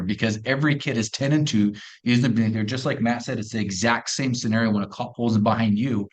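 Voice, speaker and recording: A middle-aged man with a low voice talks up his product as a podcast guest. His delivery is an energetic pitch with folksy turns of phrase. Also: quick pace. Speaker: company co-founder guest. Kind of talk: podcast interview.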